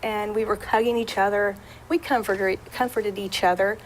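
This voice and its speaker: A woman audiologist talking as a guest on a local talk show, chatty, with many fillers and restarts, and animated when retelling a story. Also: medium pitch, normal speed, a little hiss or hum, low-quality recording.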